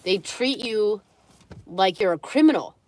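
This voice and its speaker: A woman's voice: mid-range voice, animated, unhurried, a little mellow, no room sound. Chatty young woman live-streaming, cooing. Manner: chatty, slips into cooing baby talk to her dogs. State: runny nose. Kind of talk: casual live-stream chat.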